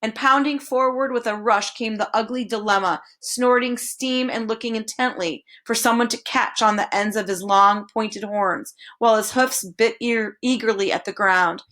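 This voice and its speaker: A woman reading a children's novel aloud, expressive and slowing down on dramatic phrases. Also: on the high side. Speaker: storybook reader.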